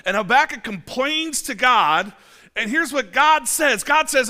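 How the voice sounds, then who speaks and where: A man's voice: very high voice, very animated, normal speed, pushed and bright. A man in his forties, a pastor preaching a casual sermon in a church, chatty, with many fillers and restarts and dry self-mocking asides. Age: 40s. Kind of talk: conversational sermon.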